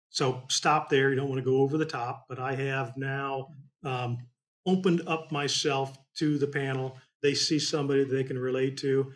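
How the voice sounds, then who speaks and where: A man's voice: medium pitch, fairly even intonation, moderate pace. A man from Indiana, a trial attorney telling a folksy courtroom story in a casual chat, rambling with many fillers.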